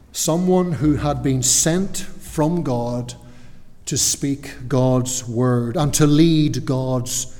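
A man preaching a sermon in a church, earnest and emphatic, with deliberate pauses. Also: medium pitch, mellow, in a large hall.

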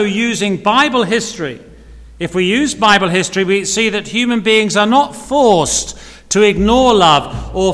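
Preaching a sermon, a man with a high, fairly bright voice speaks earnestly, repeating key phrases and posing rhetorical questions. A hall's long reverb surrounds the recording.

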